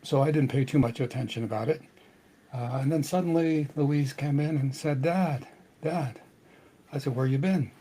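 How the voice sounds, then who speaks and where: An older man telling a personal family story earnestly, with halting restarts. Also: mid-range voice, fairly even intonation, dark tone, slight background noise, low-quality recording. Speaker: podcast host.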